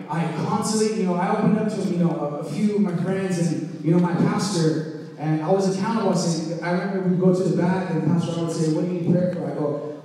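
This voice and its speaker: A man's voice: high voice, mellow. A man giving a testimony at church, talking conversationally and asking "right?" often. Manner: conversational preaching, frequent "right?" asides. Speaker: church speaker sharing testimony. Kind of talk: preaching testimony. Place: church sanctuary. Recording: echoey hall heard from far off.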